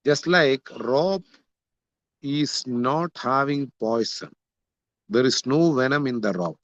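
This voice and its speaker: A man's voice: mid-range voice, slow pace, no echo, dull audio. A man teaching a scripture class, glossing Sanskrit terms one by one and repeating points for emphasis. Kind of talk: lecture explaining a Sanskrit text.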